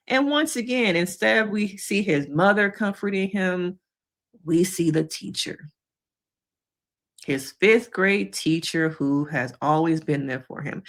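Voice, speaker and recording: A woman therapist giving casual reaction commentary to viewers, talking directly to them and acting out quotes in high voices. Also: fairly bright tone. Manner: conversational, addresses viewers directly. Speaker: therapist reacting to a reality show.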